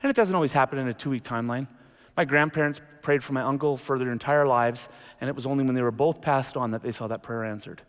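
A middle-aged man preaching a sermon as pastor, telling a story with animated energy. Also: mid-range voice, fast. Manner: animated storytelling, jumps into acted quotes. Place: church sanctuary. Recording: long reverb of a large hall.

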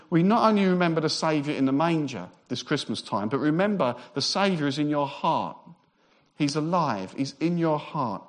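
A man preaching a Christmas sermon as pastor, emphatic and repetitive, with relaxed humorous asides. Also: on the high side. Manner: emphatic, repeats phrases for effect; conversational asides with light humour.

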